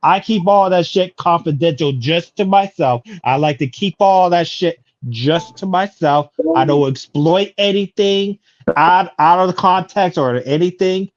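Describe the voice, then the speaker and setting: A man on a livestream panel, talking in a halting, profane way and repeating his words. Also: high-pitched, dry recording, highs cut off. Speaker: panel guest. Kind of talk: casual livestream panel chat.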